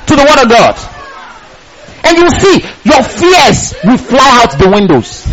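A man preaching a sermon, reading scripture slowly and with emphasis, then breaking into passionate shouts. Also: very high-pitched, a little hiss or hum, rough recording. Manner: impassioned, rising to shouts on key lines.

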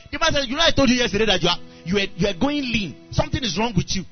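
Telling a story during his sermon, a male preacher acts out each character in a high voice with wide pitch swings. He speaks very fast, barely pausing, and the lo-fi, dull recording carries faint music beneath him.

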